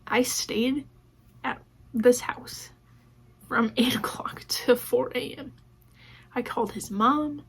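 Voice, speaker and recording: This woman vlogger whispers at a fairly high pitch, slowly and with long pauses, her tone a bit bright and slightly rough. Chatting about her life, she reenacts quoted dialogue full of "like"s.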